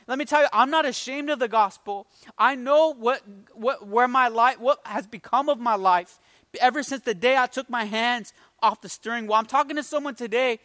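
A man's voice: extremely high pitch, fairly bright tone, no echo. A man preaching an emotional, conversational sermon, rising with emphasis. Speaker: pastor.

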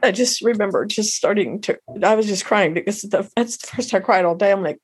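A middle-aged woman tells an emotional personal story as an interview guest, halting and heartfelt, often restarting her sentences. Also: mid-range voice, breathy edge.

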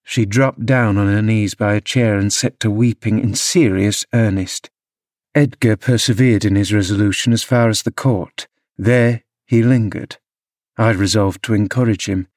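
Low-voiced male audiobook narrator. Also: steady tone, a little mellow, no echo, studio quality. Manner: measured, storytelling delivery. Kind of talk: scripted narration.

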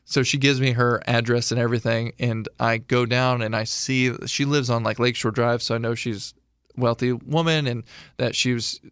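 A man's voice: mid-range voice, fairly even intonation, moderate pace, a bit bright, clear, resonant tone, no echo. Casual man telling a story, dry sound. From Illinois. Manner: casual, rambling storyteller with many fillers and restarts. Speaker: guest, veteran. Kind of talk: storytelling in an interview.

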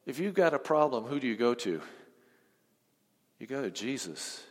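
A male pastor preaching a sermon, swinging from emphatic lines to hushed ones and quizzing the congregation. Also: medium pitch, very animated, normal speed. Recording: long reverb of a large hall.

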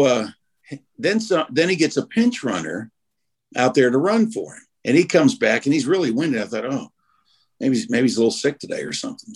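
A man's voice: mid-range voice, husky. A man casually telling a funny story among friends, acting out what people said. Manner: animated storyteller acting out quotes. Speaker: radio show regular telling a story.

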